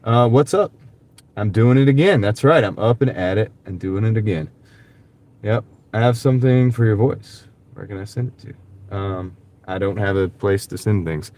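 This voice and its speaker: A man's voice: lowish voice, normal speed, warm tone. A man with a light Southern US accent chatting casually on a livestream from his car, rambling and answering viewer comments. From American South. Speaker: delivery driver livestreamer. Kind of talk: casual livestream chat while driving. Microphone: wireless clip-on mic.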